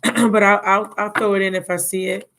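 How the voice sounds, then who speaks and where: A woman's voice: medium pitch, fairly even intonation, normal speed, fairly bright tone, low-quality recording. Tarot reader on a live stream: a worn-out woman, blunt and casual, with pet names for the viewer. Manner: casual and blunt, calls listeners baby and my love. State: drained and yawning.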